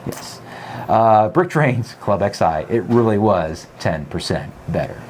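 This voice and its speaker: A man's voice: lowish voice, unhurried, darkish tone, slight background noise. A man co-hosting a podcast, reading viewer comments in casual chat and laughing often. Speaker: podcast co-host.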